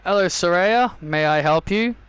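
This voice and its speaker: A man voicing a calm, slightly weary male general manager who books wrestling matches. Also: normal speed, clean tone, low-quality recording. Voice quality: lowered, even voice.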